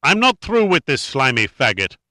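A man's voice: mid-range voice, expressive, brisk, dry recording, clean studio sound. A man voicing a cruel sadistic villain. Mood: menacing. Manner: cold, mocking, erupts into shouting. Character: cruel sadistic male villain, menacing and volatile.

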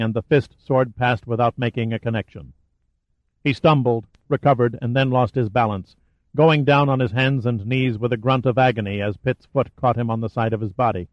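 A man reading a thriller aloud as narrator in a steady, dramatic storytelling manner. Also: mid-range voice, dry recording, lo-fi sound. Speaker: audiobook narrator. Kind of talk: scripted narration.

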